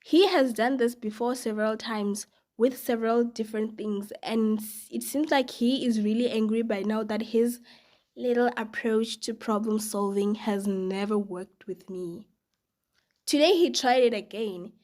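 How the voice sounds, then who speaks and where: A woman's voice: on the high side, measured pace, darkish tone. A woman reading online stories aloud in a casual way, with sarcastic asides. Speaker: storytime narrator.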